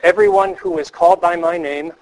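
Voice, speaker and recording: A man's voice: fairly high pitch, steady tone, fairly quick, rough recording. Man teaching counselors, earnest and emphatic. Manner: earnest, emphatic, repeats key phrases; asks the class rhetorical questions. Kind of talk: teaching lecture.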